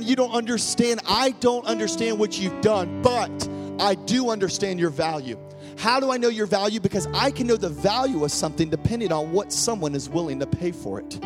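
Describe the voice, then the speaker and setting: With a voice pitched high, a man preaches as pastor, forceful and repetitive with his key phrases, his volume shifting between loud and hushed.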